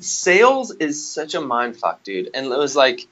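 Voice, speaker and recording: A man in his twenties co-hosting a podcast, telling stories in casual chat, animated and laughing often. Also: mid-range voice, a little slow, muffled recording, a crowd in the background. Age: 20s. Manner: animated storyteller, laughs often, says "dude" and "yo". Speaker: podcast co-host.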